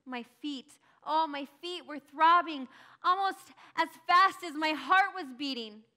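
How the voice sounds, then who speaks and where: A woman acting a grieving early follower in a first-person dramatic monologue, telling it breathlessly and crying out in high bursts. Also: measured pace, sharp tone. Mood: wondering. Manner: emotional, breathless storytelling, cries out in high bursts. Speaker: church dramatic monologue performer.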